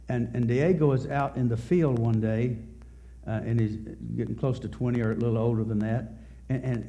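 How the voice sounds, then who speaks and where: A middle-aged male pastor preaching a sermon at a church service, telling a story in a halting way, often repeating words. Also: medium pitch, warm tone.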